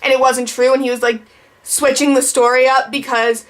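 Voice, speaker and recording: A woman's voice: high-pitched, level tone, moderate pace. A young woman vlogger telling a long storytime in a casual, rambling way, full of "like". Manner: rambling, heavy use of "like".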